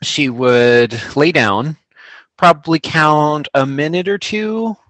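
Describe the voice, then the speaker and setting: A man appearing as a guest dog trainer on a podcast, speaking in a measured, thoughtful way. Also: fairly high pitch, a bit bright. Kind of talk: casual podcast conversation.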